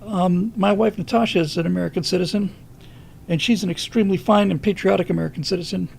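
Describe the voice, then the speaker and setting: A man's voice: high voice, fairly even intonation, quick pace, gravelly, darkish tone, a little hiss or hum. A man hosting a live stream, giving a rambling monologue of political commentary with lots of fillers and restarts.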